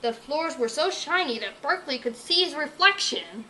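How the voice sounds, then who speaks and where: A woman reading a children's storybook aloud, her high voice bright and full of lively rises and falls. The narration is expressive throughout, over a faint background hiss. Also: moderate pace, low-quality recording.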